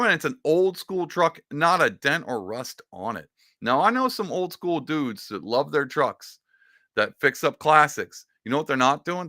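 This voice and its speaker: A political commentary host delivers a casual reaction commentary in a bright, forceful voice, his pitch swinging freely up and down as he mocks what he watches. He comes across as sarcastic, mocking and rambling. The sound is close and dry, with no room or echo around it.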